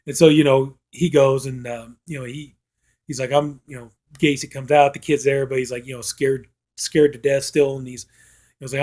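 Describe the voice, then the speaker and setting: A man's voice: medium pitch, level tone, brisk, a little mellow. Rambling man reviewing a film. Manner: rambling, heavy use of "you know" fillers; acts out quoted lines from the film.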